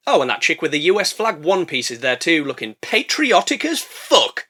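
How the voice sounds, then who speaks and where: Lively, sarcastic man. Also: on the high side, normal speed, hardly any pauses. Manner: sarcastic, profane, jokey. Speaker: film reviewer. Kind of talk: comedic movie review narration.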